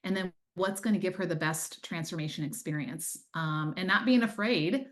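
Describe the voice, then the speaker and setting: A woman with a slightly low voice tells her story as an interview guest. She speaks earnestly and conversationally, with plenty of fillers. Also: normal speed. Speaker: time management coach, guest. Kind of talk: testimonial interview.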